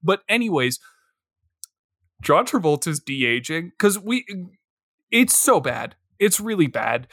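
A man riffing on a bad movie as a podcast co-host, his voice bright and sharp-edged. He swings widely in pitch, mocking the film and breaking into silly impressions. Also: takes it slowly, pauses often, no room sound, clean studio sound. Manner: animated, mocking, jumps into goofy impressions. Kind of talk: casual movie review chat.

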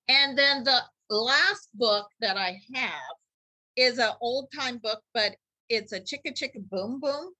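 A woman's voice: on the high side, bright, forceful tone, poor audio. A woman on a podcast recommending children's picture books and reading passages aloud like a storyteller. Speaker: teacher committee member recommending books. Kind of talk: podcast book talk with read-aloud passages.

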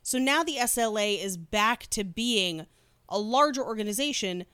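A woman's voice: medium pitch, expressive, moderate pace, bright, forceful tone, clean tone, no echo, clean studio sound. A woman hosting a podcast who tells a true crime story in a casual, chatty way. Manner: laughs while telling the story.

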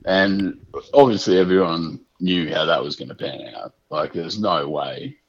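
Low raspy guy rambling on a podcast, laughs a lot, kinda muffled audio. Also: a little slow, slight background noise. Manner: laid-back, rambling, laughs often. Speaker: podcast co-host. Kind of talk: casual chat. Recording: dull lo-fi sound.

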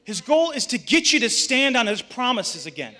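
A man's voice: extremely high pitch, sing-song, normal speed, bright, forceful tone. A young adult man, a pastor, preaching a sermon, telling a story and rising to urgent calls to get up.

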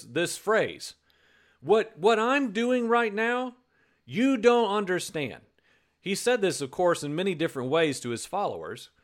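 High-pitched man preaching conversationally. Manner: conversational, repeats words, acts out quotes. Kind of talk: sermon.

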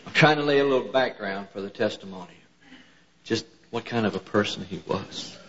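A man's voice: on the low side, a bit bright, husky. An older man, preaching in a folksy, plain-spoken storytelling style and acting out his father's words. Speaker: preacher telling stories about his father. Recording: dull lo-fi church recording.

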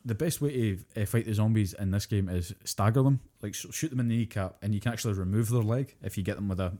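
A man, co-hosting a podcast and retelling a video game's story in casual, animated chat, swearing freely as he goes. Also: lowish voice, fast talker. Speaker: podcast co-host.

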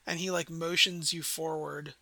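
Guy running a tabletop game, high bright voice, rambly with lots of ums. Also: level tone, moderate pace, vocal fry, no echo. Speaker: game master.

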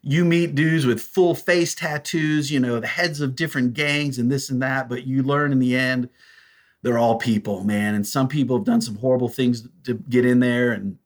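A man telling stories as a podcast guest, animated and acting out the voices of people he quotes. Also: medium pitch, normal speed. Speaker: guest, prison ministry volunteer. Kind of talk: storytelling in a podcast interview.

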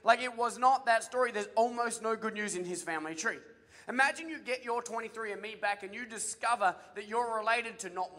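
A man preaching with a very high, bright voice, joking with the congregation and firing questions at them. His energetic sermon echoes with long reverb through a large church hall. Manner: humorous, energetic, quizzes the congregation. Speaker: pastor.

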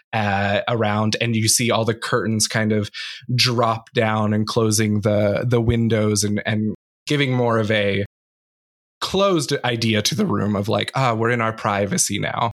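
Man, game master, casual narration, relaxed delivery. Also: on the low side.

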